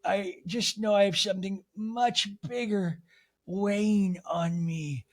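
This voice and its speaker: A man imitating a tearful, dramatic woman, speaking slowly and in pain. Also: sits high, steady tone, voice pushed up. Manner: slow, drawn-out, pained delivery.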